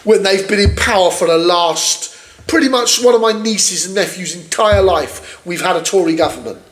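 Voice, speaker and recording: A man's voice: sits high, normal speed. A man co-hosting a podcast, reading news aloud and ranting angrily with lots of swearing. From United Kingdom. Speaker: podcast co-host. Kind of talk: casual ranting political chat.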